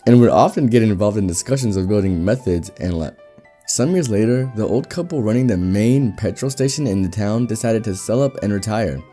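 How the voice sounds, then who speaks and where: A man narrating a reddit story aloud in a brisk storytelling manner. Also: lowish voice, mellow. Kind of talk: reading reddit stories aloud.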